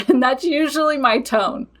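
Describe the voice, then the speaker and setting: A woman's voice: high voice, a little slow, fairly bright tone. Blunt, matter-of-fact woman podcast host. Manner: blunt, matter-of-fact, laughs and swears freely. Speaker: podcast host and witchcraft business owner. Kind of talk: casual podcast monologue.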